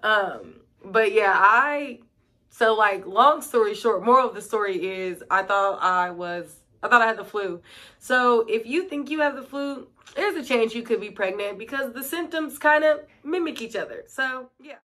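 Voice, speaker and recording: In her casual vlog, a young woman who also teaches middle school chats through her stories, constantly saying "like" and "um." She speaks at a moderate pace in a fairly high, bright, pushed voice.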